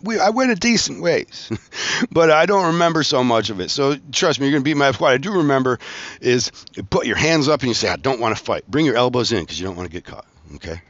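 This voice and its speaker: A man's voice: mid-range voice, animated, quick pace, fairly bright tone, no room sound, highs cut off. A man hosting his own show, telling a rambling, profane story with frequent laughs. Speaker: podcast host, tattoo artist. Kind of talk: casual storytelling monologue.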